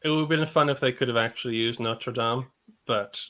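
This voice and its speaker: A man's voice: medium pitch, fairly quick, bright, forceful tone. A man, a guest historian on a livestream, thinking aloud with restarts and small laughs. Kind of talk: livestream reaction discussion.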